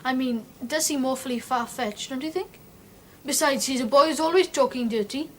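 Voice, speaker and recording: A curious, earnest young boy, played by a woman in a 1970s television drama. The voice is high and polite, a touch wondering. A faint hiss lies under it. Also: brisk, lightly acted.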